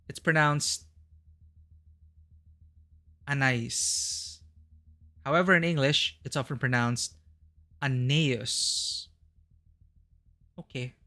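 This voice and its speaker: A man streaming a game, chatting casually and musing aloud between lines. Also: mid-range voice. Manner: relaxed, muses aloud.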